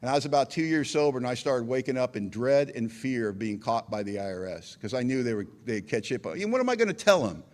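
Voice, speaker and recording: A man's voice: mid-range voice, sing-song, fast, hardly any pauses. Earnest man telling his recovery story. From United States. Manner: earnest storytelling with acted quotes and self-deprecating humor. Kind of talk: storytelling talk at a recovery meeting.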